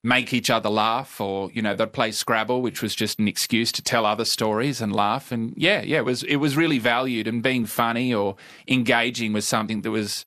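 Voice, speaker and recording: Dry, laconic Australian man with a bright voice. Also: medium pitch, steady tone, moderate pace, hardly any pauses. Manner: laconic, dry, wry delivery with chuckles. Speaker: comedian guest. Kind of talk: casual storytelling interview.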